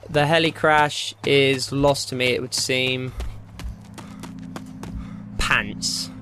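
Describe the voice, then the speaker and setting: A man's voice: mid-range voice, a bit bright, a little hiss or hum. A young man giving rambling, jokey gameplay commentary, talking to himself as he plays. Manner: rambling, jokey self-talk. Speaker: gaming channel host.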